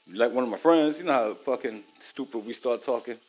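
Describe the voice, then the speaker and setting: This cooking vlogger, a married adult, keeps up casual, foul-mouthed talk aimed directly at his viewers. He speaks at a medium pitch, slightly mellow, with a breathy edge.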